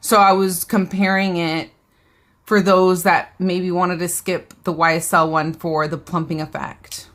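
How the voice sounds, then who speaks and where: A woman's voice: lowish voice, little pitch movement, unhurried, a bit bright. A woman, hosting a casual live beauty haul, chatting and reading viewer comments aloud. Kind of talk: casual live-stream chat.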